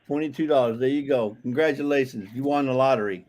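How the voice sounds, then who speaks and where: A man's voice: medium pitch, fast, a crowd in the background. A man casually chatting on a livestream, reading out viewer comments, joking, and talking with frequent restarts. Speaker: livestream co-host.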